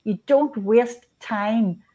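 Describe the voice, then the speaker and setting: A woman in her fifties from Northern Ireland, a guest on an interview show, talking earnestly and gently with frequent restarts and soft laughs. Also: fairly high pitch, drawn-out words, dull audio. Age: 50s. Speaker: guest, spiritual author. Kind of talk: conversational interview.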